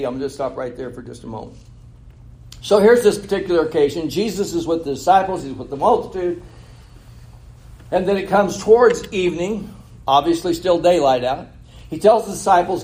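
Speaking a little fast, this man's sermon comes in a slightly high, darkish, animated voice. He reads scripture aloud, retells it his own way, poses rhetorical questions, and laughs at his own slip before correcting it.

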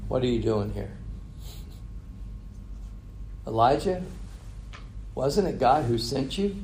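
A man voicing God as a gentle, patient male figure, speaking quietly and coaxingly. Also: fairly high pitch, lightly acted. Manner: soft and quiet, coaxing, repeating the name.

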